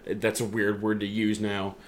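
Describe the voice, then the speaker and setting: A man in casual chat, excitedly recapping events with a co-host and acting out what others said. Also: on the low side, normal speed, a little hiss or hum. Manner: excitable storyteller, acts out quotes. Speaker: podcast co-host.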